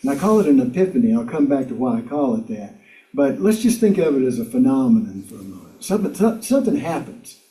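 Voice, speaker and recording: Older guy from south carolina, mellow voice, wry self-mocking stories w/ little chuckles, echoey hall. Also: mid-range voice, sing-song, quick pace. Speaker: guest speaker. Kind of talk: storytelling talk to a congregation. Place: community meeting hall. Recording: roomy hall, voice from far off.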